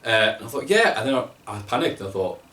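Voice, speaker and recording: A man's voice: fairly low pitch, rapid-fire. A young man from North East England chatting casually as a guest, swearing a lot and acting out quotes in voices. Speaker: guest, wrestling video maker. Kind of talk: casual chat. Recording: echoey room, from mic distance.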